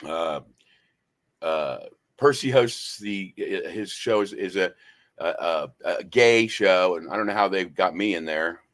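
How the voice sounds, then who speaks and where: A man's voice: low-pitched, unhurried, fairly bright tone. A man hosting a talk radio show, telling stories in a rambling, hesitant way. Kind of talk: casual talk radio chat.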